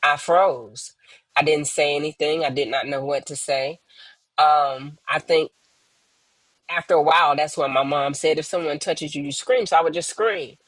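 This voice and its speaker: A woman tells her own hard story as a guest on a remote call, earnest and slow, often pausing and acting out the voices of others. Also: sits low, steady tone, dry recording, poor audio. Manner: earnest, pauses often, acts out quoted voices. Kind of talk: emotional personal testimony, slow and reflective.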